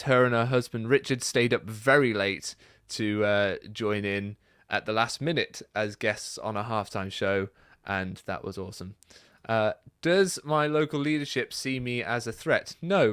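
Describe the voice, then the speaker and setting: A man hosting a casual Q&A, reading out viewer comments and chatting about them in a relaxed, rambling way. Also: lowish voice, clear, resonant tone, no room sound, clean studio sound. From Britain. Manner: chatty and relaxed, many fillers and asides. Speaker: YouTube channel host.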